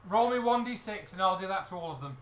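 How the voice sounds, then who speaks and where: A man with a high, bright voice runs a tabletop game as dungeon master, describing each blow and spell in steady detail. He sounds like he is in an echoey room. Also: quick pace.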